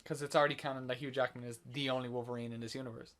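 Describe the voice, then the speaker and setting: Talking very fast with little pitch movement, a man with a medium-pitched, fairly bright voice co-hosts a podcast. He recounts and rants about the movie under review in a casual way, letting swear words fly when worked up.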